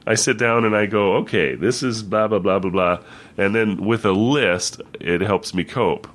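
A man's voice: on the low side, normal speed, fairly bright tone. A man in casual conversation about a book, often laughing and speaking hesitantly. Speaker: book discussion co-host.

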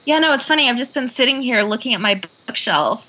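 A woman on a podcast panel, chatting in a wry, animated way. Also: fairly high pitch, fast, slight background noise, rough recording. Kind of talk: casual chat.

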